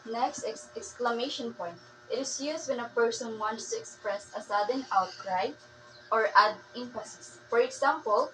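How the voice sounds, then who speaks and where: A woman's voice: a little high, noisy background. Filipino-accented woman teaching a grammar lesson. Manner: reads slowly with fillers and restarts. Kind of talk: classroom lesson.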